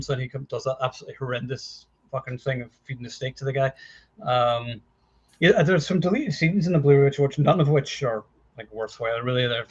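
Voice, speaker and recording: A man on a casual movie podcast who talks fast with a wry, deadpan edge. His audio sounds dull and lo-fi. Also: medium pitch. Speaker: podcast co-host.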